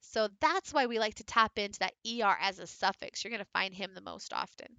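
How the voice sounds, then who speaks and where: A woman's voice: medium pitch, fairly quick, gravelly, pushed and bright, dry recording. A woman leading a book study, teaching phonics and modelling vowel sounds aloud step by step. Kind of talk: phonics lesson.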